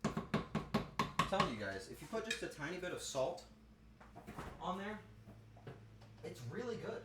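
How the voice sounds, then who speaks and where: In his home kitchen, a man cooks on a live stream, chatting playfully and answering his chat along the way. His voice is high-pitched and a little slow, with big swings in pitch, and the roomy kitchen carries faint noise.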